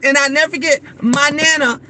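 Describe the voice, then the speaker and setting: A woman's voice: sits high, a little fast. A woman in her fifties chatting frankly and animatedly to her viewers after work, acting out the people she quotes. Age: 50s. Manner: animated, frank and blunt, acts out quoted voices. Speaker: vlogger. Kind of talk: casual chat.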